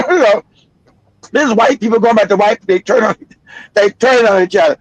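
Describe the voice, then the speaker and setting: A man's voice: very high voice, a little fast, long pauses, no echo, low-quality recording. A man hosting a political commentary livestream, talking bluntly and profanely and laughing often. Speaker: livestream host.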